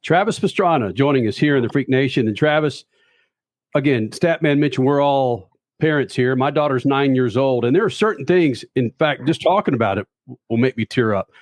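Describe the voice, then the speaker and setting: A man's voice: mid-range voice, fairly quick, no echo. A male talk show host asking a guest questions in a polished broadcast manner.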